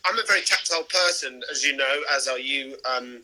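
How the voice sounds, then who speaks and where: A man's voice: mid-range voice, a little fast, bright, forceful tone, rough recording. A man, an actor, chatting casually on a live video stream, rambling and often restarting his sentences. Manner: chatty, rambling, self-interrupting. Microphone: video call.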